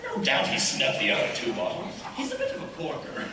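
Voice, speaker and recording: A male actor playing an excitable, bossy young college gentleman in a stage play, speaking theatrically, recorded from far off in an echoey hall. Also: a little high, brisk, crowd noise. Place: school stage in a large hall.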